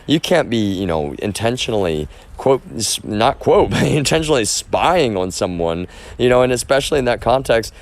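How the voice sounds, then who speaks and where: A man's voice: mid-range voice, big pitch swings, moderate pace, hardly any pauses. A man livestreaming a casual, unscripted monologue, rambling with many restarts and repeated phrases and insisting on his point again and again.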